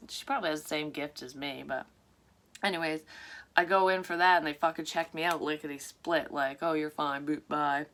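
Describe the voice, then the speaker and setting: A psychic medium with a deep, somewhat bright voice reads a story aloud at a brisk pace. She often breaks off for frank, rambling asides packed with swearing, keeping the commentary casual.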